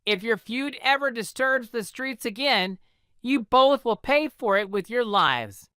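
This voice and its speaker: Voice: mid-range voice, animated, unhurried, bright, forceful tone, clear, resonant tone, no echo, clean studio sound, voice pushed up. A reader voicing a stern prince who scolds the city's leaders, in a storybook reading for English learners. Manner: commanding, scolding. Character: stern commanding prince, ruler of the city.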